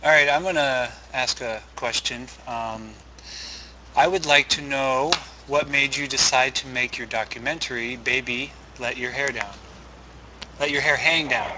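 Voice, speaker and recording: A man hosts a casual interview, asking questions at an ordinary middle pitch. His manner is relaxed and plain. A steady background noise runs clearly under his voice. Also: a little slow. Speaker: interview host.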